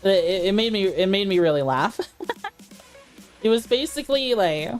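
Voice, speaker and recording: A woman's voice: mid-range voice, animated, normal speed, soft background music. A woman streamer chatting casually while playing, laughing easily and talking to her chat.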